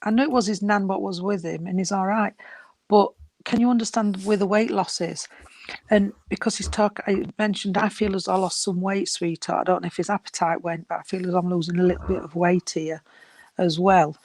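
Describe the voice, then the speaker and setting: A woman's voice: medium pitch, fairly even intonation, brisk, a little mellow. A woman giving a psychic reading, speaking earnestly with many restarts and calling the sitter sweetheart and darling. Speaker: spiritualist medium.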